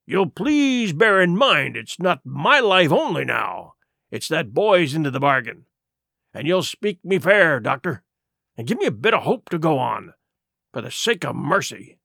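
A man voicing a wily old male pirate who pleads in rough sailor's dialect. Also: on the high side, very animated, a little slow, bright, forceful tone, dry recording, studio quality, heavily acted. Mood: pleading.

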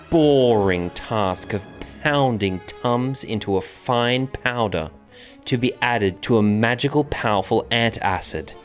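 A man narrating a comedic parody story in a mock-serious, deadpan way. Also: fairly low pitch. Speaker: co-host.

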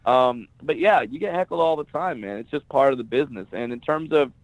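A man's voice: medium pitch, fairly quick, no room sound, phone-quality sound. A male stand-up comedian on a podcast interview, casually telling blunt, profane stories and acting out the people he quotes.

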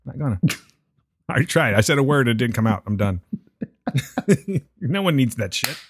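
A man's voice: mid-range voice, sing-song, measured pace, slightly rough, no echo, clean studio sound. A man co-hosting a podcast in casual, joking chat. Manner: laid-back, joking, rambling. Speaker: podcast co-host.

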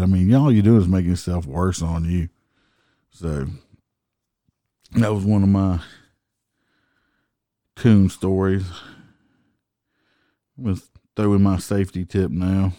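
Middle-aged cop, deep and dark-toned, blunt and profane. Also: male voice, no room sound, studio quality. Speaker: motorcycle police officer, podcast host. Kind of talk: casual storytelling.

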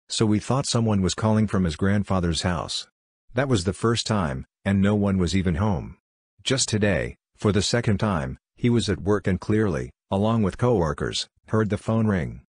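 Deep husky man reading ghost stories. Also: expressive, normal speed, a little mellow, no echo, clean studio sound. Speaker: narrator.

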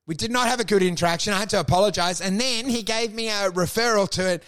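A man with a gravelly voice, co-hosting a casual podcast chat and telling animated, loud stories full of swearing and acted-out quotes. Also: high-pitched, fast talker. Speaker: podcast co-host and stand-up comedian.

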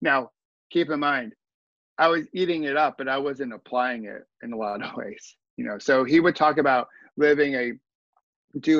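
A man's voice: mid-range voice, no echo, dull audio. Earnest man telling his story. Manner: earnest, animated, with restarts and asides. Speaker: podcast guest. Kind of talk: conversational storytelling.

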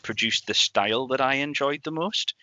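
A man co-hosting a podcast, talking in a casual, animated way with frequent restarts and bursts of laughter. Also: medium pitch, normal speed, no room sound. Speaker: podcast co-host. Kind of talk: casual chat. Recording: dull lo-fi dry sound.

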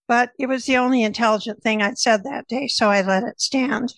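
An older woman, a nutritionist guest, telling lively stories from her career in a conversational way. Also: fairly high pitch, normal speed, dry recording, rough recording. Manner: lively anecdotal storyteller. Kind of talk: conversational storytelling.

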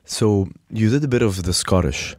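A man hosts a laid-back interview, prodding his guest with loose questions full of fillers. His voice is fairly low and sits dry and close to the mic. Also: normal speed, no echo. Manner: relaxed, prompting questions with fillers. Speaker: podcast host. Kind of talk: casual interview.

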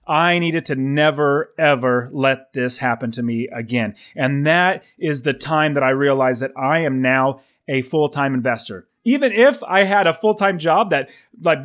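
A man in his thirties earnestly telling a personal story about his working life, voicing his own thoughts as he goes. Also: a little high. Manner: earnest, animated retelling with voiced inner thoughts.

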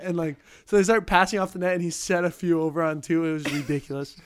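A man's voice: high voice, steady tone, fast, clear, resonant tone. A young man co-hosting a casual chat, rambling and laughing as he tells stories.

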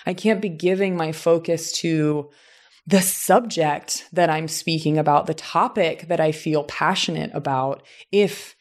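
A woman from Southern Indiana who teaches, talking in a relaxed conversation about how people speak, thinking aloud with frequent restarts. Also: low voice, measured pace. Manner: reflective, animated examples, frequent restarts. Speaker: teacher and voice coach. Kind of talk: casual conversation.

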